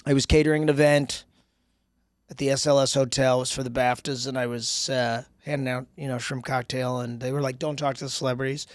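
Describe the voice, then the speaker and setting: A man's voice: medium pitch, level tone, a little fast, no echo, studio quality. A man in his thirties, a comedian guest, telling a long personal anecdote in casual podcast chat and swearing freely.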